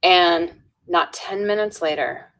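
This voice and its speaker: A woman's voice: fairly low pitch, takes it slowly, a bit bright, a little hiss or hum. A woman guest on a podcast, telling an earnest story with restarts and frequent "right?" tags. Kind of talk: storytelling in a conversational interview.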